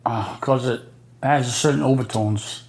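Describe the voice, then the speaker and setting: A man's voice: medium pitch, moderate pace, a little mellow, reverberant. An older man from Providence, telling blunt, profane tough-guy stories as an interview guest. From Providence, Rhode Island. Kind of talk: casual storytelling chat.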